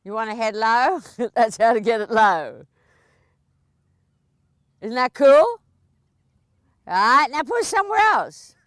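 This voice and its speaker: A woman instructor coaching a live riding lesson, chatty and encouraging, often breaking into laughs. Her voice sits a little high, and the sound is close and dry. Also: lively intonation, slow pace, pauses often, a bit bright, dry recording.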